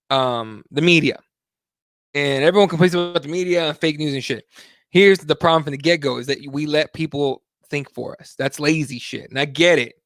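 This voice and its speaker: A man's voice: fairly high pitch, fairly bright tone, no echo, studio quality. A man hosting a live talk show, rambling and swearing a lot in a heated, casual chat. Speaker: host.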